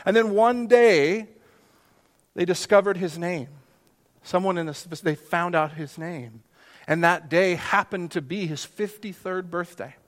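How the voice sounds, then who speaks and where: Pastor, male, high-pitched, earnest preaching with quiet hushed moments; reverberant sanctuary. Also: measured pace. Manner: earnest, with sudden soft hushed drops for emphasis. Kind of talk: sermon. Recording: long hall reverb.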